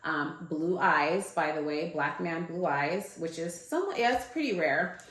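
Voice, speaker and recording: Woman, low voice, casual storyteller, chatty and rambling, roomy echo. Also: lively intonation, a little slow, fairly bright tone. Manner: loose and chatty, full of "like" and "um". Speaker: guest. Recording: echoey room.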